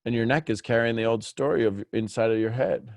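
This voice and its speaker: A man's voice: mid-range voice, fairly even intonation, brisk, vocal fry, darkish tone, no room sound, studio quality. A man coaching a caller on a morning call, blunt and teasing, laughing often. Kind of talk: casual coaching chat.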